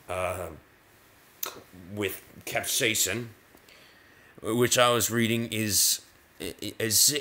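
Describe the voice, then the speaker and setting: His medium-pitched voice sounds pushed and bright as he hosts a gaming video. He talks casually and ramblingly over the game, frequently cutting himself off mid-sentence and restarting with playful energy.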